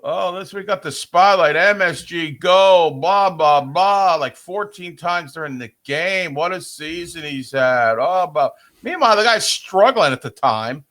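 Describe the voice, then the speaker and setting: A man's voice: fairly high pitch, a little slow, few pauses, fairly bright tone. An older man with a New York accent, co-hosting a casual sports podcast and ranting grumpily. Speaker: podcast co-host.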